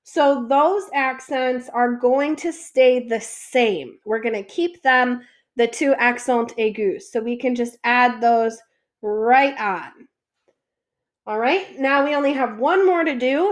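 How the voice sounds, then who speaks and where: Slow, high-voiced woman teaching French. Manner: patient, asks questions then answers them. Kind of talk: classroom lesson explanation.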